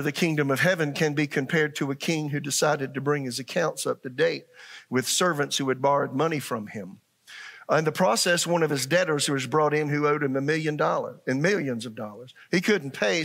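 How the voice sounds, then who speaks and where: A middle-aged man preaches with a gravelly, slightly high voice. He keeps the congregation engaged with questions and acts out the people in his stories. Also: a bit bright. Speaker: pastor. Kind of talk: sermon.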